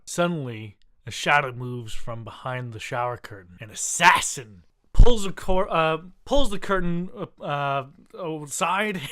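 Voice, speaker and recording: A man's voice: fairly high pitch, pushed and bright. A man co-hosting a podcast, improvising a comedy story with many hesitant restarts. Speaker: podcast co-host.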